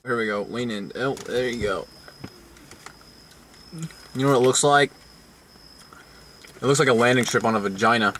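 A man's voice: mid-range voice, moderate pace, long pauses, a bit bright, slight background noise. A man hosting a casual vlog, rambling and joking crudely with many fillers and restarts. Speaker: vlog host.

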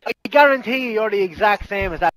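A man's voice: sits high, animated, fast talker, crowd noise. A man in online game voice chat, hurling insults and threats in a furious argument.

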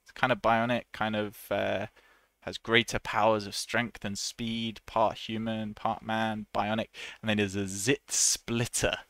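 Guy teaching english online, low gravelly voice, kinda bright, dry close mic, chatty and laughy. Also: level tone, measured pace, dry recording. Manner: chatty, laughs often, acts out example voices. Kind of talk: casual online English lesson.

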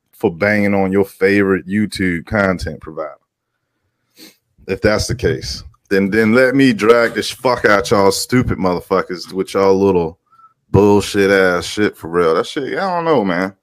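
A man's voice: deep voice, measured pace, dry recording, studio quality. A man doing heated, profane ranting commentary, emphatic and repetitive, greeting his viewers as he goes. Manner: heated, emphatic, swears a lot, repeats himself. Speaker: vlogger.

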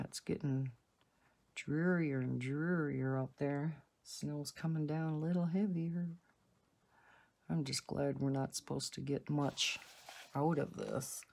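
A woman's voice: rumbling low, creaky, a little mellow. A woman hosting a coloring channel, chatting casually and rambling through asides while she colors at home. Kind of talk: casual color-along chat. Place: home, indoors.

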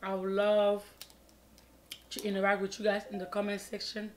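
A woman's voice: mid-range voice, monotone, moderate pace, a little hiss or hum. Chatty woman vlogger eating on camera. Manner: chatty, repeats pleading words, mumbles while eating. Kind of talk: casual mukbang storytime vlog.

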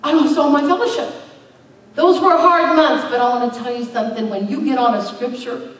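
A woman's voice: fairly high pitch, fast talker. A middle-aged woman pastor preaching a conversational sermon with emphatic bursts. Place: church sanctuary. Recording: very echoey, distant church recording.

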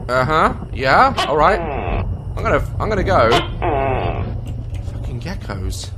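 A young English man giving jokey, swearing commentary while playing a horror game, with loud startled yelps. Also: on the high side, sing-song, slow pace, background noise. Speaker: gaming YouTuber. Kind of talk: let's play commentary.

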